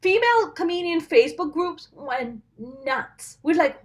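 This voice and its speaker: A woman in her late thirties, from Pakistan, talks comedy and tells stories in an animated way. Her voice sits high and her pitch moves a lot, and she slips into the voices of the people in her stories. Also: a little slow. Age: 30s. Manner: animated storytelling, acts out quoted exchanges. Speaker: comedian and show producer. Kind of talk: casual interview chat.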